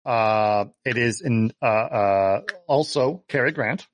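A man's voice: medium pitch, takes it slowly, dry recording. A man co-hosting a casual film chat podcast, laughing often and full of fillers and restarts. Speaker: podcast co-host. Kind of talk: casual chat about films.

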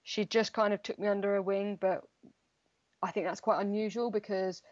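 Woman, young, rambling fillers, flat delivery, dull lo-fi sound. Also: medium pitch, normal speed. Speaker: footballer guest. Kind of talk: casual interview chat.

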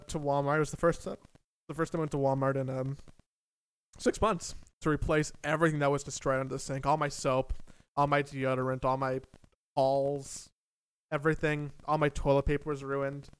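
A young man tells a story with animated, self-mocking energy and plenty of swearing. His voice sits a little high and comes through smooth and clear. The sound is dry and close. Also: moderate pace, dry recording. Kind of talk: casual storytelling chat.

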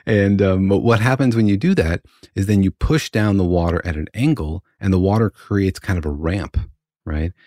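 Deep-voiced man explaining physics casually. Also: normal speed, dark tone, no room sound, studio quality. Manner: explanatory, chuckling, says "right?" often. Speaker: podcast co-host explaining physics. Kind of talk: casual science chat.

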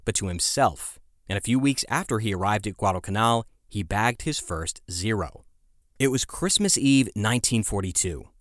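A man's voice: lowish voice, a bit bright, dry recording, clean studio sound. A man hosting a history podcast, telling the story in a conversational way with asides to his listeners. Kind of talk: scripted history narration.

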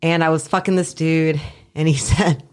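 A woman, a former labor and delivery nurse, telling stories in casual chat, profane and animated, acting out other people's voices and laughing often. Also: low-pitched, normal speed.

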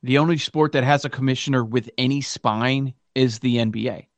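A man's voice: medium pitch, fairly even intonation, brisk, dry recording. A man co-hosting a casual sports talk show, speaking indignantly with hesitant fillers.

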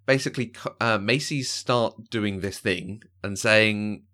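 A man's voice: lowish voice, unhurried, few pauses, sharp tone. A man co-hosting a podcast, chatting casually about a film, hesitant with many fillers and frequent laughs. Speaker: podcast co-host. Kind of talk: casual film review chat.

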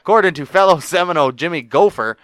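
A man's voice: a little high, fast talker, a bit bright, clear, resonant tone, dry recording, studio quality. A man co-hosting a casual podcast, reading a crime story and cracking jokes with casual swearing. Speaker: podcast co-host.

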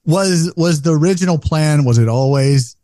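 A man's voice: on the high side, moderate pace, warm tone, dry recording, studio quality. A man co-hosting a podcast, asking questions with stumbling restarts. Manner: stumbling, repeats words. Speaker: podcast co-host. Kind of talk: casual podcast interview.

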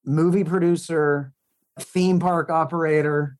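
A man's voice: on the high side, fairly even intonation, unhurried, a little mellow. Middle-aged guy rambling through stories, jokes at himself, lots of restarts. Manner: chatty storyteller, self-mocking, frequent restarts. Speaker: country singer, guest. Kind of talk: casual interview chat.

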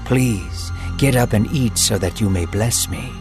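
Man doing a sly younger brother, low voice, quiet, slow, storybook. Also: over music, close to an everyday voice. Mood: hushed.

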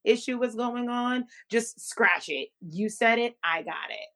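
A woman's voice: a little high, a little slow, fairly bright tone. A woman co-hosting a podcast, chatting in a wry, self-mocking way. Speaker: podcast co-host. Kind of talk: casual chat.

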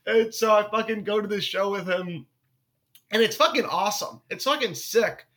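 A man with a high, bright voice tells stories on a comedy podcast. He talks in an animated, profane way, leaning into the jokes. The chat is loose and casual. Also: moderate pace. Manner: animated storyteller, swears a lot, does friends' voices.

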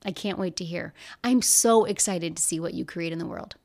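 A woman's voice: on the low side, moderate pace, creaky, background noise. Upbeat woman podcast host coaching listeners. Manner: upbeat, emphatic, directly addressing listeners. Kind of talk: motivational podcast monologue.

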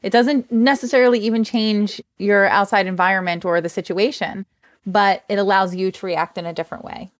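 A woman with a New Jersey accent, a guest author talking in a casual interview, enthusiastic and quick to laugh. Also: medium pitch, steady tone, no room sound. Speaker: guest, children's book author.

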